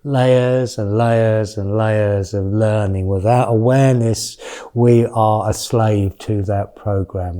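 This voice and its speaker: A man's voice: lowish voice, fairly even intonation, slow, warm tone. A man in his fifties, a mindfulness teacher giving a candid, chatty retreat talk with blunt swearing. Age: 50s.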